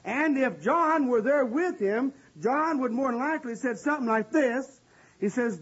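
A man preaching a sermon and explaining scripture in an earnest, conversational way, often pausing with "uh.". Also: high voice, expressive, slightly rough. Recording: dull lo-fi recording.

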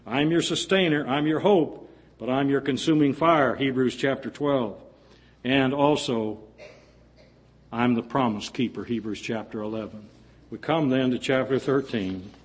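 A husky-voiced man delivering a sermon in a church. His voice climbs high and forceful when he pleads, then sinks low and quiet as each phrase ends. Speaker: preacher.

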